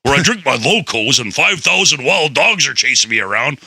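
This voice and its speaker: A man voicing a gruff male military robot that barks orders. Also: mid-range voice, very animated, brisk, bright, forceful tone, dry recording, heavily acted. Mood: barking. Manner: barking orders.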